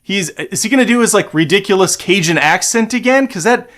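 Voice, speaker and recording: A man giving casual, snarky commentary on a movie trailer, swearing freely and breaking into excited bursts. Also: high voice, a little fast. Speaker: movie trailer reaction host.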